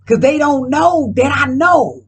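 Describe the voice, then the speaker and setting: A woman's voice: sits high, expressive, measured pace. A woman doing a casual card reading at home, talking in a profane, emphatic, rambling way. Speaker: card reader.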